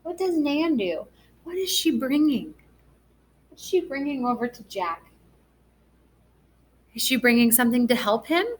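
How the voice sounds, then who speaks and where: A woman teaching a first grade class through a recorded reading lesson, speaking gently and asking the children encouraging questions. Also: sits high, lively intonation, unhurried, pauses often, slight background noise.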